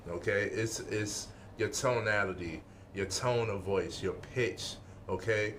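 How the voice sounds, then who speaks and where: A man with a fairly low voice delivers a casual motivational lesson. He is emphatic, repeats key lines and keeps checking in with the listener. A faint background noise sits under the recording. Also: a bit bright. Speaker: life-skills speaker.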